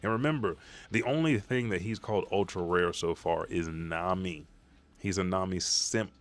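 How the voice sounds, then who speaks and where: A man hosting a live manga chapter reaction, recapping scenes in a profane, excitable way and acting out the characters' lines. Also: sits low, moderate pace.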